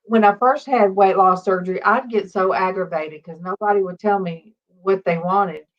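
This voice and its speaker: A woman's voice: medium pitch, normal speed, a little hiss or hum. Chatty woman hosting, lo-fi sound. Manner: chatty storyteller, acts out voices loudly. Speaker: host. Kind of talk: casual chat. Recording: dull lo-fi sound.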